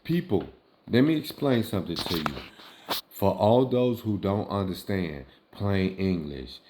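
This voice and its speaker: A man's voice: low voice, expressive, measured pace, noisy background. A tipsy man giving casual reaction commentary, emphatic and profane, firing off rhetorical questions.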